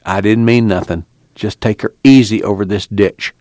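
A man doing a calm practical young man. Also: fairly low pitch, moderate pace, dry recording, lightly acted. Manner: calm, easy, dry humor. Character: steady young man, practical older brother.

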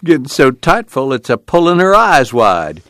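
A man's voice: mid-range voice, very animated, moderate pace, fairly bright tone, dry recording, studio quality, voice pushed up. A man reading the part of a restless, wry young farm son, in a plain joking manner. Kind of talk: dramatic audiobook reading.

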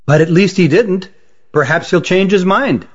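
A man's voice: sits high, moderate pace, husky, voice pushed up. Eager persuasive young Shillito, slightly raised voice, dull recording as a male narrator puts him on. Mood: hopeful.

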